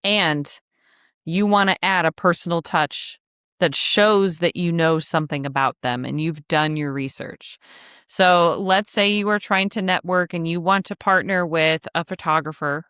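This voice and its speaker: A woman coaching listeners on a casual podcast, her low-ish voice smooth and clean. She talks in a frank, chatty way and throws in joking asides. The sound is close and dry. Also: fairly bright tone, dry recording. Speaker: podcast host, travel agency coach.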